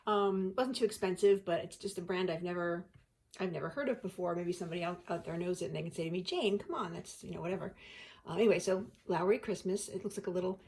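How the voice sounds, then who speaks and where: A woman's voice: on the low side, fast talker, a little mellow. A woman hosting a casual unboxing chat, talkative and giggly as she thinks aloud. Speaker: host.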